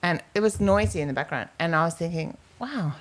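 Low-voiced woman co-hosting a chatty podcast. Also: a little fast. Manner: storytelling, acts out quoted speech. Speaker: podcast co-host. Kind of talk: casual chat.

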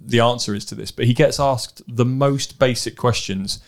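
A man co-hosting a podcast in casual, animated chat, telling stories with quick asides. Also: medium pitch. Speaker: podcast co-host. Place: live event venue.

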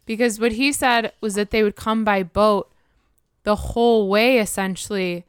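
On a podcast she co-hosts, a woman tells a story in casual conversation, quoting other people along the way. Her mid-range voice is clear and resonant, with fairly even intonation and a moderate pace, recorded in a clean studio with no room sound.

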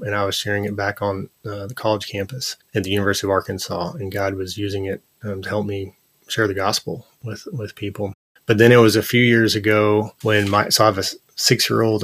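A man in his thirties, a podcast guest, telling personal stories in an earnest, animated way with lots of "like" and "you know". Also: fairly low pitch, dry recording. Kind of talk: casual interview conversation.

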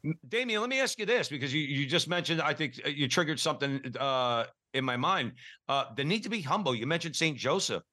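A man's voice: fairly high pitch, animated, brisk, pushed and bright. A man co-hosting a podcast, chatty and a bit hesitant, setting up questions for his guest. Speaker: podcast co-host. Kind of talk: casual podcast conversation.

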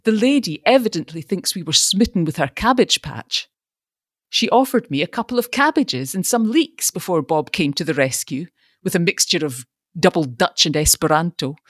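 Woman reading as an anxious young gentleman. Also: fairly low pitch, animated, moderate pace, no room sound, studio quality.

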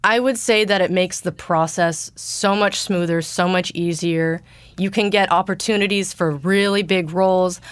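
A young woman talks casually as an interview guest, her voice deep for her age and a bit stuffy from allergies. The tone is smooth and clear, recorded close and dry with no room sound. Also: fairly even intonation, normal speed, no echo. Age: young adult. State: congested from allergies. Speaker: guest voice actor.

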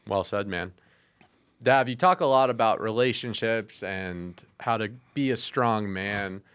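A man hosting a podcast, speaking in a measured, reflective way and asking long open questions. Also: lowish voice, a bit bright, smooth. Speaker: podcast host. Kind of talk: casual podcast interview.

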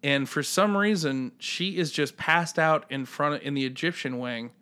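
Dude putting on a chatty friendly security guard, talks fast and loose, voice bumped up higher. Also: male voice, pushed and bright, clean tone. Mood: worried. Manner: breezy, talkative and a bit rambling.

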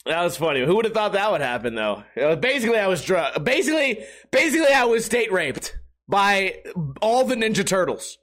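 Giggly, swearing man with a high, lively voice. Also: a little fast. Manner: profane, giggly storytelling. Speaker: streamer. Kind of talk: casual rambling stream chat.

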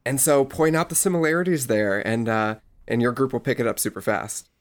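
A man co-hosting a casual board game podcast, giving tips in a relaxed, hesitant way with many fillers. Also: mid-range voice, brisk. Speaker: podcast co-host.

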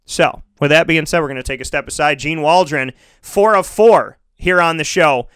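A man's voice: on the high side, smooth, dry recording, studio quality. Hyped-up male sports radio host. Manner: excitable, rapid-fire, hyped-up. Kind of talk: energetic sports talk radio.

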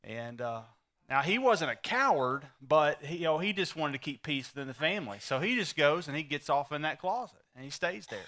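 A middle-aged preacher with a bright, slightly high voice. He spins folksy stories and drives his points home emphatically. His tone stays forceful and ringing. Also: animated, a little fast. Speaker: pastor. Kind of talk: sermon.

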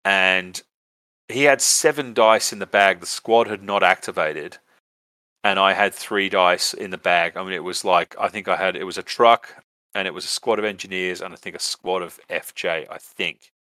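A man's voice: sits low, moderate pace, pushed and bright, no echo. An Australian man hosting a podcast, telling a rambling story casually, with lots of fillers and swearing. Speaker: podcast host.

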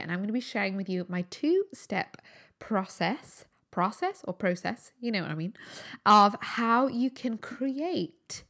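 A Scottish woman in her thirties talks to her podcast listeners in a loose, chatty monologue. She giggles often and makes fun of herself as she goes along. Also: mid-range voice. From Scotland. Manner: chatty, giggly, self-deprecating. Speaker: podcast host.

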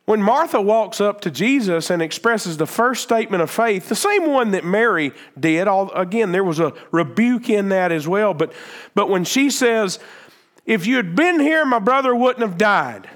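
High-voiced emphatic male preacher. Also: lively intonation, normal speed, a bit bright. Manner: earnest, emphatic preaching with repeated phrases and restarts. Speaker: pastor. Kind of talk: sermon.

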